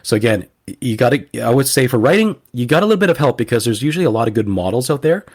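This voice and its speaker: A man's voice: medium pitch, big pitch swings, fast, darkish tone. A man, a guest teacher on a podcast interview, earnestly giving advice and often repeating words as he restarts.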